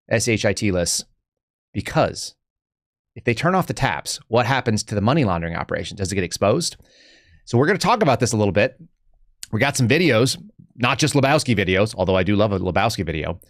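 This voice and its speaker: A man's voice: fairly low pitch, animated, brisk, no room sound, clean studio sound. A man hosting a live podcast, giving casual political commentary in a sarcastic, rambling way with joking asides. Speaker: podcast host.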